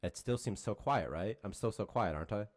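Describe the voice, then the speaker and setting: Brief: deep, low man, casual swearing game dev streamer, muttering frustration. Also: lively intonation, a little fast. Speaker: game developer on a livestream. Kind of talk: casual livestream chat. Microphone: desk microphone at a computer.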